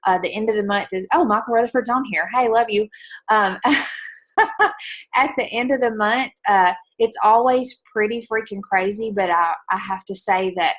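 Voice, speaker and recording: A woman's voice: mid-range voice, moderate pace. Earnest chatty woman cheering on her team leaders over a video call. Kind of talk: motivational talk on a video call.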